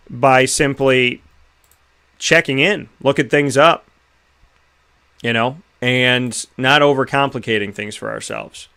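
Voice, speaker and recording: A man's voice: medium pitch, fairly bright tone, clean tone. An American man hosting a talk show segment, giving an earnest, reflective motivational talk full of rhetorical questions. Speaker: radio show host.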